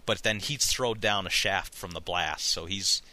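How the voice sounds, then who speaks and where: Male co-host, deep but bright voice, rambling casual recap full of fillers. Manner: rambling, halting retelling with many fillers. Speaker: podcast co-host recapping a story. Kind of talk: casual chat.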